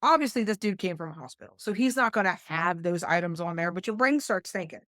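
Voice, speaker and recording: A middle-aged woman with a West Virginia accent, a combat flight nurse telling a story as a podcast guest, animated and acting out what others said. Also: lowish voice, quick pace, dry recording, studio quality. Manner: animated, quotes others in lively voices. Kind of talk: conversational storytelling.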